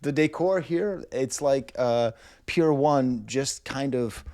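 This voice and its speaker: A man's voice: mid-range voice, slow, darkish tone, no echo, clean studio sound. A middle-aged man reviewing music, telling a long story in a rambling, wry way full of comic asides, indoors in a rental house.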